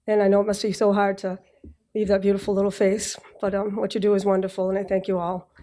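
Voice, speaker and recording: Fast and flat, with a dark tone at medium pitch, a Boston-accented woman from Massachusetts speaks at a graduation ceremony before a live audience. She's giving a prepared speech as a graduate, slightly nervous, occasionally clearing her throat and dropping in jokes.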